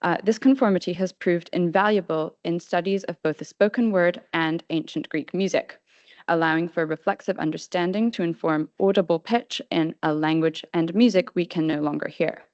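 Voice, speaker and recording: A young woman, a doctoral student, reading her prepared conference talk in a measured academic style. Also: lowish voice, steady tone, a little mellow, dry recording, dull audio. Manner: reads a prepared paper. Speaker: conference speaker. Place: conference hall.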